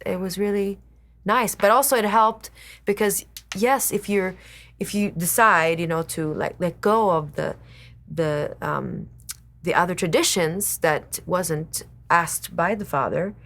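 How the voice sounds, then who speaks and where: A woman co-hosting a casual faith chat, soft-spoken and given to dropping into a whisper. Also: lowish voice, a little slow. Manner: soft-spoken, swings between whisper and loud. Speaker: co-host.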